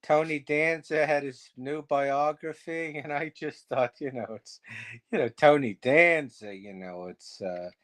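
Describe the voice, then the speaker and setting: A man's voice: fairly high pitch, measured pace, fairly bright tone. A man, a guest impressionist, telling stories in casual chat and rambling with lots of fillers.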